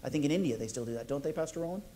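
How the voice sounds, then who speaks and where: A male pastor delivers a sermon in a fairly high voice. He is playful and jokey, and he keeps asking the congregation questions. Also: expressive, rapid-fire, warm tone.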